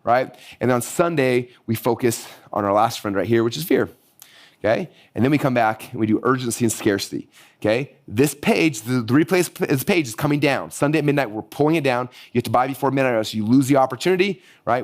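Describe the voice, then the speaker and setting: A man teaching a live online marketing workshop, energetic and hyped-up, his voice going hoarse. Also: mid-range voice. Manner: energetic, hyped-up, rapid-fire. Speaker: marketing course instructor.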